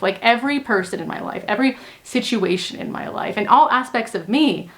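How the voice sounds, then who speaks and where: A woman's voice: a little high, lively intonation, fairly quick, hardly any pauses. Earnest young woman coaching to camera. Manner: earnest, emphatic, repeats points for stress. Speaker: manifestation coach. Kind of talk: casual talk to camera.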